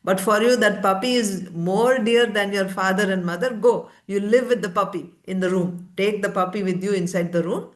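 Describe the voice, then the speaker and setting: A woman's voice: medium pitch, normal speed, few pauses, close to an everyday voice. A woman voicing a mother who scolds her little son and then coaxes him tenderly. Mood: scolding. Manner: exasperated scolding turning to coaxing tenderness. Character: scolding yet doting mother of a small boy.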